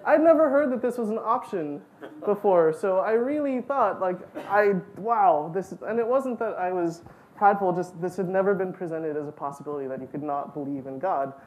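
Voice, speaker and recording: Animated woman telling a story. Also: lowish voice, moderate pace, slight background noise, rough recording. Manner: animated, self-mocking storytelling with frequent "like" and laughter. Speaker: speaker at a student event. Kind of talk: storytelling talk.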